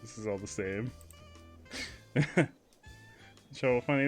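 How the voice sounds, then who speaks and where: A man's voice: mid-range voice, takes it slowly, faint music behind. A man streaming a game, joking around and reading the on-screen text aloud with dramatic flair. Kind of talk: casual gameplay commentary.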